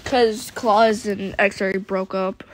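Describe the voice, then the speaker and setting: A woman player chatting casually during a game, giggly and excitable, often breaking into loud laughs. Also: mid-range voice, drawn-out words, slight background noise. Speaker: Minecraft server player.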